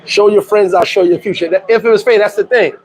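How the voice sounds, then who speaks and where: A middle-aged man from New York in a casual livestream. He talks in animated street slang, laughs often and reads out viewer comments. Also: sits high, quick pace, a little hiss or hum, low-quality recording. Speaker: vlogger.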